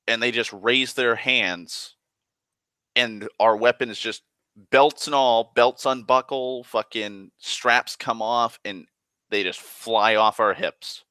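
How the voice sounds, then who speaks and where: A man's voice: mid-range voice, pushed and bright, clear, resonant tone, no room sound. A man retelling a tabletop game session in a rambling, profane way, full of fillers and restarts. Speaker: storyteller.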